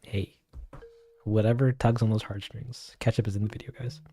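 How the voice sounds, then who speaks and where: A man's voice: on the low side, fairly even intonation, normal speed, mellow. A man chatting casually on a livestream to his viewers, rambling, giggling and poking fun at himself as he answers comments. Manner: rambling, giggly, self-deprecating.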